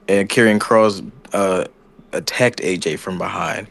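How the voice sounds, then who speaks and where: A man's voice: sits low, steady tone, a little fast, vocal fry. A man co-hosting a podcast, recapping wrestling in loose casual chat with slang and sound effects. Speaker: podcast co-host.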